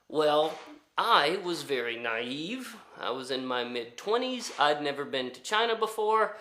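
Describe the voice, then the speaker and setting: Man, casual storyteller, rambling with fillers, bright voice, echoey room. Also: fairly high pitch, lively intonation, unhurried. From United States. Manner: rambling, frequent fillers and restarts. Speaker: storyteller vlogger.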